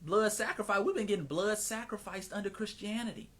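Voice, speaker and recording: A man hosting a live stream, talking in a casual, animated, preacher-like cadence and sometimes slipping into mocking voices. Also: high voice, brisk.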